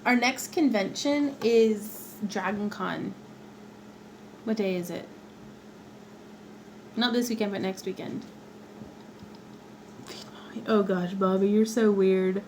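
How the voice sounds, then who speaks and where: A woman's voice: mid-range voice, slow pace, pauses often, a little mellow, slight background noise, poor audio. A woman hosting a craft livestream from her home workspace, chatting playfully and laughing often as she works. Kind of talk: chatty livestream while working.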